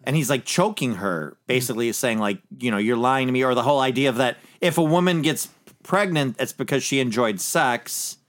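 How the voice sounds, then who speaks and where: A man in casual chat, measured and analytical, steering the talk about a film. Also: medium pitch, animated, a bit bright.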